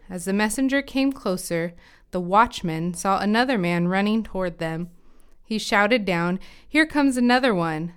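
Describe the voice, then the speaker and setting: A woman reads scripture aloud at a measured, steady pace. Her voice is very clear and smooth, at a middle pitch. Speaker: Bible reader. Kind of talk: scripture reading.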